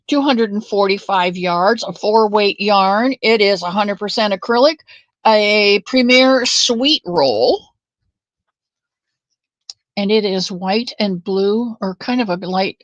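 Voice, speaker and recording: Slow-talking lady chatting on her craft livestream, rambles about yarn n old school friends, kinda muffled audio. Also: medium pitch, no room sound. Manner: chatty, addresses viewers by name, wanders off-topic. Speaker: crochet livestream host. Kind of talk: casual livestream chat. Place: home craft room.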